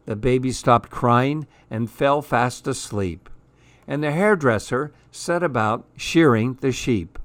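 Slow, measured man reading a rhyming story. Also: medium pitch, no echo. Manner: measured, rhythmic. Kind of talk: reading a rhyming picture book aloud.

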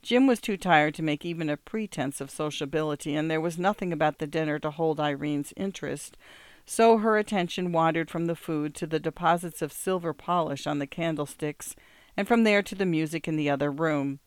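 A calm audiobook narrator with a smooth, polished voice and a steady, measured delivery. The recording is close and dry, with no room sound. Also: medium pitch, dry recording.

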